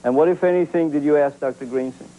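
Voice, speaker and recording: Male interviewer, dark mellow tone, short direct questions. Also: a little high, fast talker, poor audio.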